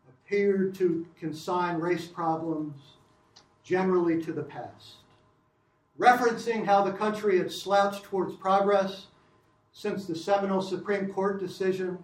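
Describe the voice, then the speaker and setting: A man's voice: sits high, recorded from a distance. Older man lecturing in a roomy hall. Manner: measured academic reading with occasional restarts. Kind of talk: reading a prepared lecture.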